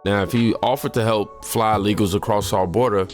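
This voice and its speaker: A man's voice: on the low side, steady tone, brisk, soft background music. A man hosting a news reaction channel, giving blunt, opinionated commentary.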